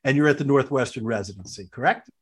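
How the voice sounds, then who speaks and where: A man's voice: mid-range voice, quick pace, husky. A man hosting a podcast interview, asking long rambling questions. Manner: rambling questions with many restarts and fillers. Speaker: podcast host, surgeon.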